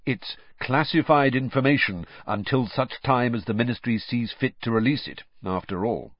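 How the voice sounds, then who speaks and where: A man's voice: medium pitch, normal speed, no room sound, highs cut off, close to an everyday voice. A man voicing a cheerful, teasing young man who hints at secrets in a storybook reading.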